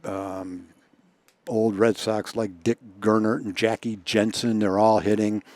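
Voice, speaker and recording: A man's voice: on the low side, flat delivery, a little slow, a little mellow, no room sound. A man telling baseball anecdotes in a casual chat, chuckling often and repeating words as he goes. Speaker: guest storyteller.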